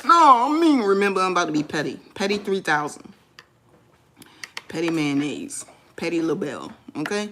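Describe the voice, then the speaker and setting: A woman's voice: deep voice, animated, normal speed, pauses often, a little hiss or hum. Playful woman chatting on a live stream. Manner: playful, teasing, laughs often. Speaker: vlogger chatting with live viewers. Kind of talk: casual live-stream chat.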